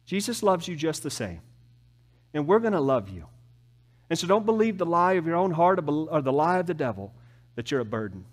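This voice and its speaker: A man preaching a sermon as pastor, with emphatic rises and soft, slow, drawn-out drops. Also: a little high, very animated. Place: church.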